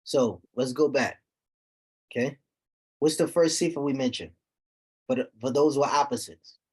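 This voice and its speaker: A man teaching a recitation class, explaining terms slowly and checking on his students with repeated "okay?". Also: mid-range voice, husky. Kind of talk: classroom lesson.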